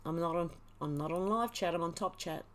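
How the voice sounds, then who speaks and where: A woman's voice: on the low side, a little fast. Chatty woman hosting a livestream. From Australia. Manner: chatty, exclaiming, laughs often. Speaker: livestream host. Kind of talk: casual livestream chat, reading news and comments.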